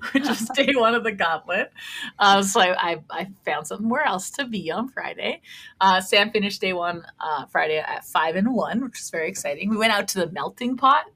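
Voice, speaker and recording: A woman's voice: mid-range voice, lively intonation, normal speed, pushed and bright. A woman co-hosting a podcast, telling a long story in casual chat and laughing often. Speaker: podcast co-host.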